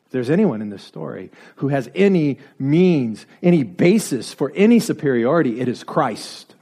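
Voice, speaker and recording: A man's voice: medium pitch, big pitch swings, normal speed, mellow, husky. A man preaching a sermon, driving his points home with repeated rhetorical questions and building to emphatic peaks.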